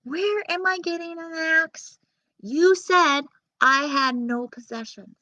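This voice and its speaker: A woman's voice: extremely high pitch, slow, sharp tone, no echo, pitched above the performer's own voice, full character voice, poor audio. A woman voicing a cheeky, whiny young boy who talks back to the narrator.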